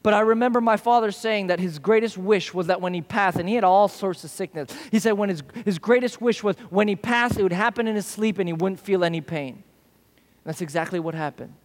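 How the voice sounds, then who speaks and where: Male pastor, high voice, sermon storytelling, long hall reverb. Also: brisk. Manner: storytelling, acts out quoted voices. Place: church service hall.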